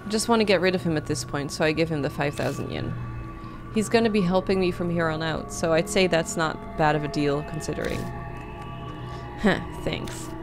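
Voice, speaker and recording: A woman's voice: sits low, quick pace. A woman streamer reading a visual novel aloud and chatting casually with laughs between the lines. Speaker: let's play streamer. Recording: game music playing behind.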